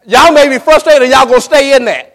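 A man with a strikingly high voice delivers a sermon full of fervor. He stretches out key words with dramatic pauses, repeats phrases for emphasis and keeps calling on the congregation to watch and follow. His voice rings with a long reverb through a large church hall. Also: fairly bright tone. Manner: fervent preaching with repeated calls to the congregation. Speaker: preacher.

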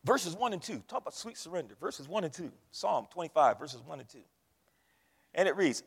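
High, animated preaching man in a reverberant hall. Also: brisk, gravelly, husky. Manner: fiery preaching with call and response. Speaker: pastor. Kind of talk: sermon. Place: church sanctuary.

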